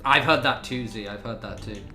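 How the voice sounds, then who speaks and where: A laid-back man talks to his viewers while he plays a game on stream. He keeps it casual, laughs a lot and swears freely, at a mid pitch. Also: normal speed, bright, forceful tone, faint music behind. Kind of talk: casual livestream chat while gaming.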